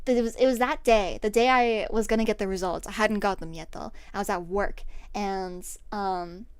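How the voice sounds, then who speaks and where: A woman's voice: medium pitch, moderate pace, smooth, dry recording. A young woman streaming from home, telling stories in a rambling, casual way, with restarts and lots of "like". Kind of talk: casual storytelling while painting her nails on stream.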